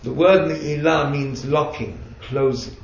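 A man's voice: fairly high pitch, slow, gravelly, a little hiss or hum. A man teaching a group, explaining patiently with chatty asides. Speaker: religious teacher. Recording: echoey room, distant mic, dull sound.

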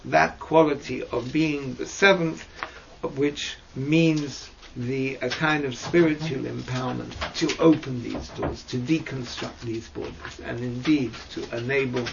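A man teaching mystical texts in a slow lesson over a video call, hesitant and searching for words with fillers and restarts. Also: fairly even intonation, creaky. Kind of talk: slow explanatory lesson with many pauses. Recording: dull low-fi audio with faint noise.

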